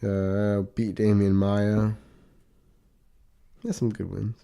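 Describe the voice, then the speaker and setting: A man co-hosting a podcast in casual chat, relaxed, offering short interjections and corrections. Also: fairly low pitch, slow, creaky, smooth. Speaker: podcast co-host.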